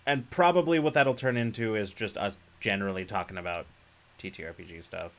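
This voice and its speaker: A man's voice: on the low side, brisk. Guy cohosting a live stream, rambly, lots of ums and laughing. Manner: rambling, laughing, many fillers. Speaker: podcast co-host. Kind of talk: casual live-stream chat.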